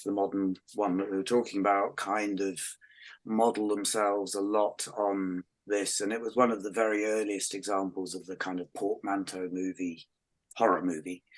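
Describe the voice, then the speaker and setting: Articulate man guest on a podcast. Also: on the low side. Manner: articulate, explanatory. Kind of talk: casual chat.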